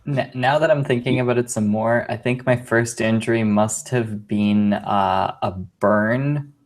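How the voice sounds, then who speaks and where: A man's voice: mid-range voice, fairly even intonation, unhurried. Hesitant man searching for words. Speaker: podcast co-host. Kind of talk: casual chat.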